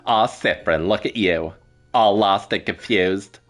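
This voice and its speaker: A man's voice: lowish voice, expressive, moderate pace, soft background music, close to an everyday voice. A man voicing a teasing, all-knowing star being with a playful, smug way of talking.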